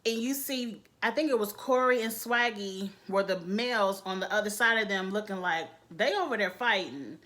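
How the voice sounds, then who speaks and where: A woman's voice: medium pitch, normal speed, few pauses, sharp tone. A woman giving blunt, candid, chatty commentary as a reality TV reviewer. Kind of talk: casual opinionated commentary.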